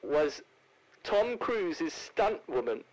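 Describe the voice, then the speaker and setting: A man's voice: a little high, sing-song, extremely slow, a little mellow, pitched above the performer's own voice, exaggerated voice, poor audio. A man putting on a posh grand old actress. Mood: grandly plummy. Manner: plummy, affected, calls people darling. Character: posh grand older English actress, theatrical. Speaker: celebrity caller in a comedy bit. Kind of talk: comic impression.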